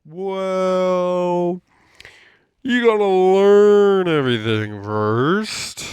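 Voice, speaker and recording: A man putting on the voice of a loud, dismissive male retail boss who shouts his workers down. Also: high voice, drawn-out words, clear, resonant tone, dry recording, pitched above the performer's own voice. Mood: mocking.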